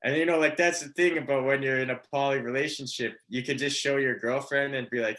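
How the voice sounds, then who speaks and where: A man's voice: mid-range voice, fairly quick, few pauses, a bit bright. Guy doing standup, rambly, lots of likes, cracks himself up, medium voice. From Canada. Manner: rambling, filler-heavy, laughing at own jokes. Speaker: stand-up comedian. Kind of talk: stand-up comedy set.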